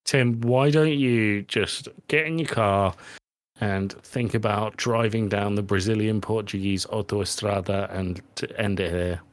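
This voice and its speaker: Dry, low-voiced man bantering. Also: measured pace, no echo. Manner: animated, teasing, swears freely. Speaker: podcast co-host. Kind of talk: casual banter.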